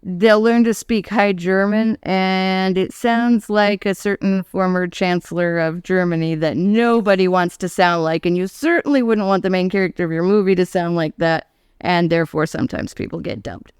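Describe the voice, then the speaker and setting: A woman's voice: lowish voice, moderate pace, darkish tone, smooth, dry recording, studio quality. A woman guesting on a podcast, chatting casually about an old horror film and laughing as she talks. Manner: chatty, laughs while talking.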